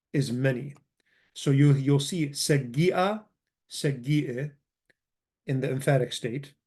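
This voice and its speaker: A man's voice: mid-range voice, dark tone, breathy edge. A man teaching a grammar lesson, explaining words patiently and often stopping to correct himself. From Chaldean community. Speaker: language teacher.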